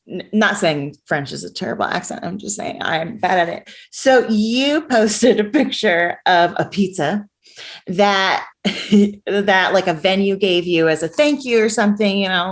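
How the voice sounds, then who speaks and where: A woman comedian interviewing a musician, playful and giggly with slow, drawn-out questions. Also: lowish voice, fairly bright tone.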